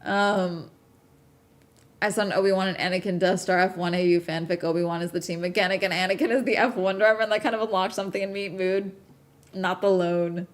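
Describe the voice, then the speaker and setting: A woman's voice: fairly low pitch, steady tone, a little fast. A woman hosting a casual chat show, rambling between topics and ranting with plenty of swearing. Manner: chatty, profane, ranting. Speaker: streamer host.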